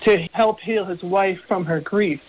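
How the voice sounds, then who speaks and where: A woman, the painter of a card deck, telling a personal story in a measured, calm way as a podcast guest. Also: mid-range voice, slightly rough, muffled recording.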